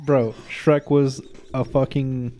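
A man in casual chat who chimes in with quick, profane reactions. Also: mid-range voice, little pitch movement, mellow. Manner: chiming in with quick reactions and laughs.

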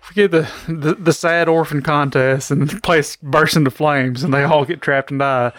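A man's voice: on the high side, fairly even intonation, moderate pace, a bit bright, no room sound. A man co-hosting a podcast, bantering in casual chat with dry teasing jokes. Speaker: podcast co-host.

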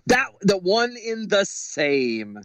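High-pitched guy cohosting, jumpy lively delivery, sarcastic, laughs a lot. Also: slow pace, no room sound. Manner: animated, sarcastic, laughs often. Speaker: podcast co-host. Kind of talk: casual commentary reading news aloud.

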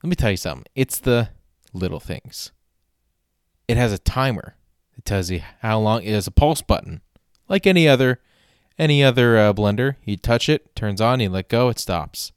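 A man with a very low, clear, resonant voice hosts a casual solo podcast, speaking at normal speed. He rambles, restarts his sentences often and swears casually, with a wry, self-deprecating air, and the recording is dry and close with no room sound.

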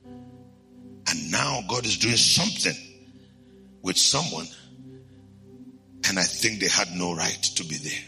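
A man preaching a storytelling sermon as a bishop, animated and laughing, swinging from hushed to loud. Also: sits low, slow pace, pauses often, faint music behind.

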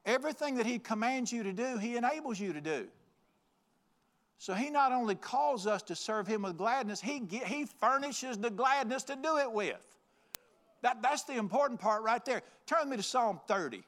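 A man's voice: extremely high pitch, expressive, normal speed, fairly bright tone. A man preaching a folksy, joking, emphatic sermon. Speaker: pastor.

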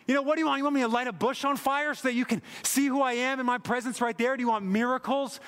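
A man's voice: extremely high pitch, fairly quick, fairly bright tone, pitched above the performer's own voice. A man voicing God as a loving, eager giver, asking again and again what people want.

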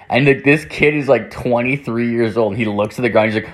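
A young man with a lowish voice tells a long story in loose, casual talk. He rambles, swears constantly, and leans on "like" between nearly every phrase. He often acts out quoted lines from other people. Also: fast.

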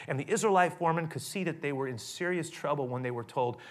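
A male pastor preaching a sermon and telling the scripture story with lively energy. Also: fairly high pitch, fast talker, hardly any pauses. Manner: animated storytelling, acting out scripture.

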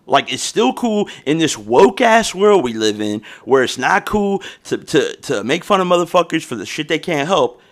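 A man's voice: a little high, sing-song, moderate pace, few pauses. A young adult man hosting a podcast, talking in a rambling, profane, slang-heavy casual rant, recorded on a phone. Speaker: podcast host.

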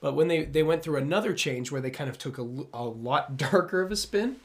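A man's voice: on the high side, brisk. A man co-hosting a podcast, chatting casually about a movie, laughing often and trailing off mid-sentence. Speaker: podcast co-host. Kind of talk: casual movie-review chat.

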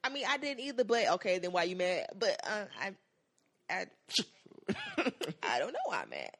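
A young woman co-hosting a podcast in casual chat, animated and acting out quoted lines with frequent laughs. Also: on the low side, fairly quick. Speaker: podcast co-host.

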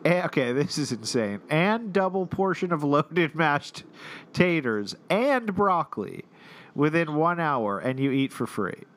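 A man co-hosting a casual chat, reading a restaurant menu out loud with plenty of laughter and some swearing. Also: on the high side, a little hiss or hum. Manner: laughing, playful, swears freely. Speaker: podcast co-host.

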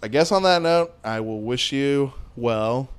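A man's voice: medium pitch, measured pace, clean tone. Laid-back man hosting a podcast. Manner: laid-back storyteller, swears freely. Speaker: podcast host. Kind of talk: casual chat.

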